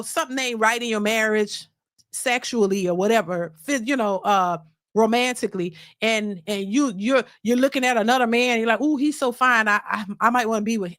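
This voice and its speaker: A woman hosts a casual reaction commentary with a high, bright-pitched voice. She rants emphatically and profanely, often stumbling and repeating words. The sound is dry and close. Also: dry recording. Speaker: host.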